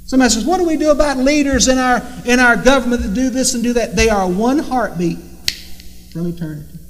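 A man's voice: very high voice, fast talker, a little hiss or hum. A man preaching a sermon, emphatic and repetitive, firing off rhetorical questions. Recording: long reverb in a hall.

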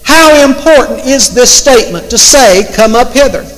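A man preaching a sermon, slow and emphatic, quoting scripture with weight. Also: very high voice, lively intonation, a bit bright. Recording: long hall reverb.

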